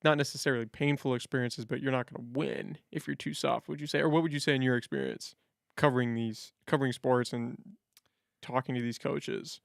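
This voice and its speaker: A man's voice: medium pitch, fairly even intonation, a little fast, vocal fry, no echo, studio quality. A man hosting a podcast, asking reflective follow-up questions in casual conversation. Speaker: podcast host. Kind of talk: conversational interview.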